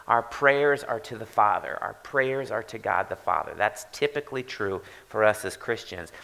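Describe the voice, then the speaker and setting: A man preaching a sermon as pastor, in a conversational, animated way that often repeats and rephrases. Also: medium pitch, creaky.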